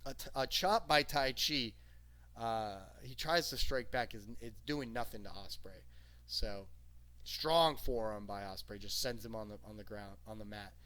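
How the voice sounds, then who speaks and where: A man recapping a wrestling show in a casual, excited, rambling way. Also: on the low side, a little slow. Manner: excited, rambling, lots of "okay?".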